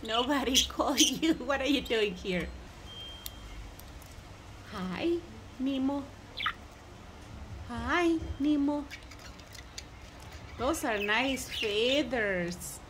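High-voiced lady baby-talking her pet birds real slow outside, tons of loud chirping behind her. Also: expressive, noisy background. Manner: cooing, doting baby talk to birds. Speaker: bird keeper talking to her pet budgies. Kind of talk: casual chat with pets. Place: outdoor aviary. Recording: loud bird chatter over the voice. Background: loud budgie chirping and squawking.

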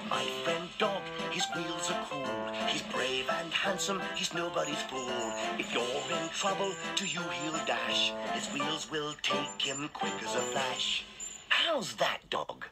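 A man voicing a friendly male piano in a children's cartoon, gentle and reciting sing-song rhymes. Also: on the high side, very animated, measured pace. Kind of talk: children's TV voice acting.

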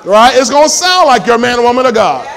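A man's voice: very high-pitched, big pitch swings, fast talker, gravelly, a bit bright, a faint crowd. A male pastor preaching a sermon in a church, emphatic and full of call-and-response questions to the congregation.

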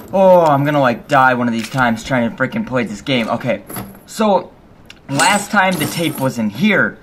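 A young man with a fairly high voice commentates casually on a horror game. He is jumpy and nervous, swears freely, and laughs between scares. Faint game ambience sits under his talk. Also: fairly bright tone, slight background noise. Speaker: let's play host.

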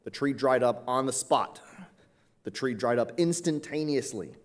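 A man preaching an expository Bible lesson in a conversational way, often pausing with "uh" and checking in with "right?". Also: medium pitch, animated. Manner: conversational, frequent "uh" and "right?" tag questions. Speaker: pastor.

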